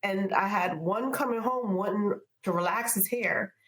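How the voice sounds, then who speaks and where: A woman's voice: medium pitch, normal speed, fairly bright tone. A woman speaker on a podcast panel, talking in an emphatic, playful way. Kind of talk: casual panel chat. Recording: roomy echo.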